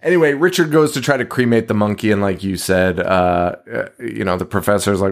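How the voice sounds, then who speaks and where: Podcast co-host, male, lowish voice, profane and laughing, acts out characters' lines in a casual recap. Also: brisk, hardly any pauses. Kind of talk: casual movie recap chat.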